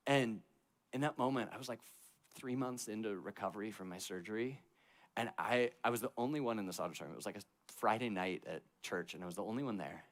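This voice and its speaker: Casual low-voiced young male youth pastor. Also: fast talker. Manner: conversational, many "like" fillers, swings between loud and hushed. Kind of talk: casual storytelling sermon. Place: church youth service.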